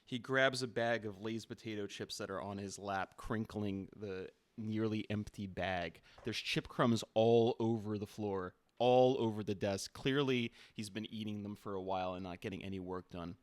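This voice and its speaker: A man's voice: fairly low pitch, fairly even intonation, normal speed, few pauses, no echo. A man hosting a stream, improvising a second-person story in a dry, playful way.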